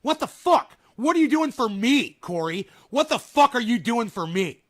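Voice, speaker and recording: A man's voice: very high-pitched, sing-song, moderate pace, a bit bright. A man ranting angrily on a live stream, mocking and swearing heavily as he reacts to clips and talks to his chat. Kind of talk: profane live-stream rant.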